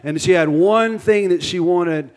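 A man's voice: sits high, unhurried. A man in his thirties with a Louisiana accent preaching a sermon in a folksy, joking way, with restarts. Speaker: guest preacher. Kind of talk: sermon with storytelling.

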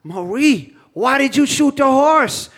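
A man's voice: very high voice, lively intonation, slow pace, a bit bright, pitched above the performer's own voice, exaggerated voice. A man with a Louisiana accent voicing a timid, scared Cajun groom with a startled, whiny voice. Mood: alarmed.

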